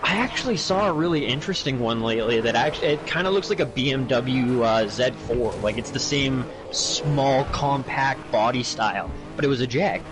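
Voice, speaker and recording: A man chats in a laid-back way during a gaming session, cursing offhandedly. His pitch sits in the ordinary middle range. Game sounds and engine noise come through clearly behind him. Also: expressive, normal speed, hardly any pauses. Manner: laid-back, swears casually. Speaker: gaming friend on voice chat. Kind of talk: casual gameplay chat. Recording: noisy game audio behind.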